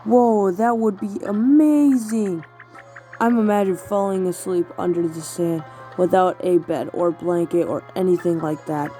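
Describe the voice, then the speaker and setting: Slow, mellow-voiced woman thinking aloud. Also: lowish voice, soft background music, low-quality recording. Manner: thinks aloud, talking to herself with many fillers. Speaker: gamer playing a video game. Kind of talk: casual let's-play commentary.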